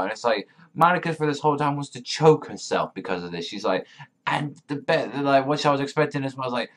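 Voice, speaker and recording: A man's voice: mid-range voice, expressive, a little fast, a bit bright. A man giving a casual, profane review, rambling with lots of fillers and swearing. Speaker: manga reviewer.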